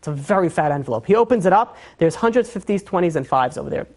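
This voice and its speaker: Male rabbi, storyteller, animated, acts out his characters, loose and chatty. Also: high voice, fast talker. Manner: frequent fillers and restarts. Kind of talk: storytelling sermon.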